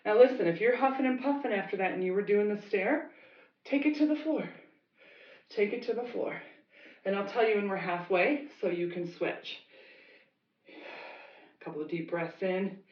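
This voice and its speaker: A woman's voice: mid-range voice, normal speed. A woman fitness instructor leading a workout class, encouraging and giving short commands. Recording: dull roomy sound, mic at a distance.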